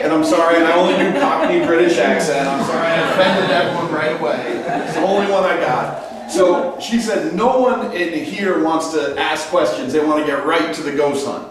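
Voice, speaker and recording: A man's voice: fairly high pitch, a little fast. A man hosting a ghost hunt, briefing a live group in a casual, joking, self-mocking way. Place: large echoey stone building indoors. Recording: echoey hall, voice from far off, faint noise.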